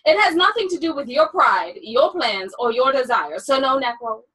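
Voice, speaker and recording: High, bright woman author. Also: lively intonation, slightly rough, poor audio. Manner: slow, deliberate poetry reading. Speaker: author and co-host. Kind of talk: casual chat and poetry reading.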